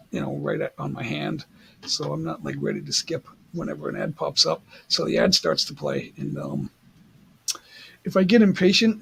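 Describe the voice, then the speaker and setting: A man's voice: a little high, vocal fry, breathy edge. A man hosting a livestream, chatting casually and rambling as he reads the chat aloud. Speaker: livestream host.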